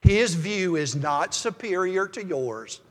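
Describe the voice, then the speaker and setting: The long echo of a church sanctuary carries an older pastor's sermon as he drifts into folksy anecdotes. He speaks calmly and at a measured pace, his voice sitting fairly high for a man.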